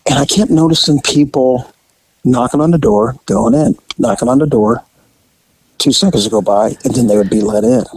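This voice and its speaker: A man, a former police officer, telling a profane anecdote in an animated, casual way. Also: medium pitch, normal speed, slightly rough, dry recording, rough recording. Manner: animated, profane, laughing at own story.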